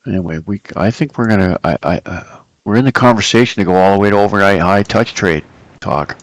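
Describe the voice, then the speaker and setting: Low-voiced man rambling market commentary. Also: brisk, dry recording, rough recording. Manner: rambling, many fillers and self-corrections. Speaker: host of a live trading stream. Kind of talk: casual live market commentary.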